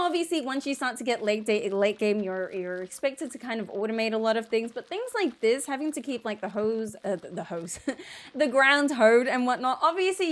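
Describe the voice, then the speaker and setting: A woman streamer giving rambling, exasperated, jokey gameplay commentary. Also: fairly high pitch.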